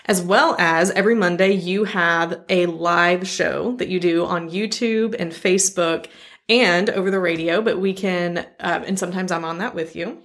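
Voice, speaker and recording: A woman hosting a podcast interview, affirming her guest and wrapping up warmly with plugs. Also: fairly low pitch, fairly even intonation, moderate pace. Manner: affirming, many soft back-channels. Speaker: podcast host. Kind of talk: interview chat.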